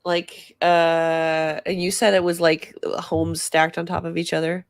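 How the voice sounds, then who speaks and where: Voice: medium pitch, flat delivery, unhurried, no room sound. Tabletop player rambling along, lots of likes and ums, dry close sound. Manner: rambling and hesitant, full of fillers like "like" and "um". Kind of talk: playing a tabletop game.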